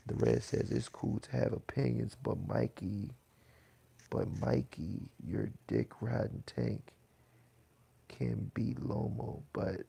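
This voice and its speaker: Gravelly livestream boxing host, man. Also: lowish voice. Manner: loose, swearing, laughs and gets loud when riled. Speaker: boxing channel host reading live chat. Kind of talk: casual livestream chat.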